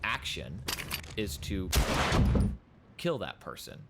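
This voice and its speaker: A man narrating a documentary, explaining the events on screen in a measured way. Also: low voice, big pitch swings, creaky, very noisy. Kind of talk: explanatory commentary.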